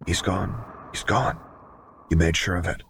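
A man voicing a gentle, weary young male engineer who speaks softly and reassuringly. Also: low voice, measured pace, vocal fry, slight background noise, heavily acted. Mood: soothing.

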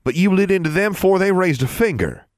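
A man's voice: high voice, animated, fairly quick, dry recording, voice pushed up. A prim, old-fashioned teenage girl with a folksy turn of speech and a raised voice, as a man puts her on in a storybook. Dry, close sound; she lectures more than she talks. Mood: chiding. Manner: folksy dialect, scolding.

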